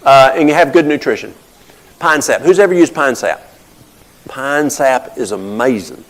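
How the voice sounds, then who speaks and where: Older man with a gravelly edge and a mid-range voice, folksy storyteller explaining remedies in plain talk. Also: medium pitch, low-quality recording. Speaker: health talk presenter. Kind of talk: folksy teaching talk with anecdotes.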